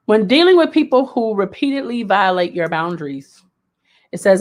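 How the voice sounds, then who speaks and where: A woman's voice: on the high side, big pitch swings, normal speed. Emphatic woman hosting a self-help talk. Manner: emphatic, repeats points for emphasis. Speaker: host.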